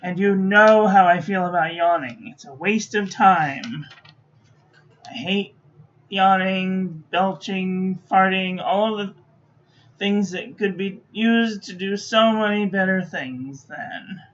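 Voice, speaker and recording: A sleepy woman giving dry, low-key commentary while testing ink on paper. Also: slow. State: sleepy, yawning. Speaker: stationery reviewer. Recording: dull lo-fi recording.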